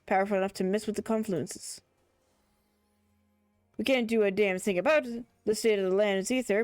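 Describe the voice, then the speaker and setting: A woman's voice: mid-range voice, a little mellow, no room sound, studio quality, close to an everyday voice. A woman reading as a folksy crewman.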